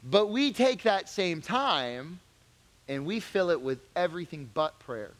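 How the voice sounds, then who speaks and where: Man, youth pastor, Bible lesson, conversational, emphatic questions, slightly high voice, long hall reverb. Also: expressive, a little slow, a bit bright.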